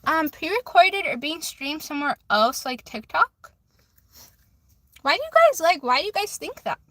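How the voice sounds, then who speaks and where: A woman's voice: high voice, very animated, normal speed, a bit bright, dry recording. A woman livestreaming from a phone in her car, casually reading viewer comments aloud and chatting back. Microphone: phone camera.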